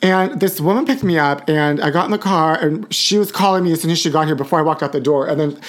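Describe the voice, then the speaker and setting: A woman's voice: low voice, fast. A woman hosting a live-stream show in a campy gossip style, calling listeners honey and shrieking woo. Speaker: host. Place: Los Angeles area.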